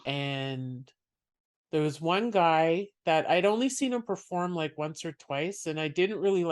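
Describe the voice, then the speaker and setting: A podcast host telling stories in casual chat, chatty and quick to laugh. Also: mid-range voice. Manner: chatty, storytelling, laughs often.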